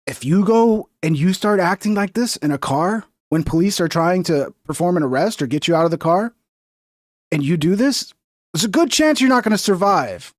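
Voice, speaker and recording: Male streamer, high voice, dry close sound, heated, profane, mocking. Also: no room sound. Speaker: political commentary streamer. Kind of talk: heated livestream commentary.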